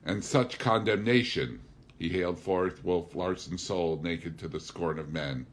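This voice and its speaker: Brief: a deep-voiced male reader, steady and deliberate, narrating a classic novel. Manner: measured, deliberate reading with occasional slips. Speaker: audiobook reader.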